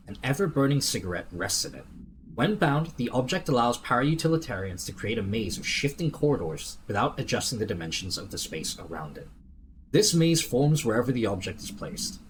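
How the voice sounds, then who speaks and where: Lively man streaming a game. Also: mid-range voice, a little hiss or hum. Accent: American, slipping toward British. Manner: casual, reads chat and in-game documents aloud. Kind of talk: casual gameplay livestream chat.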